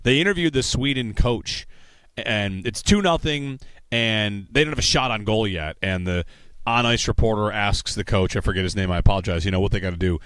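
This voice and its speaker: A man's voice: on the low side, brisk, a bit bright, clear, resonant tone, no echo. A man hosting a sports talk radio show, chatting in a rambling, conversational way and reading show promos from a radio studio.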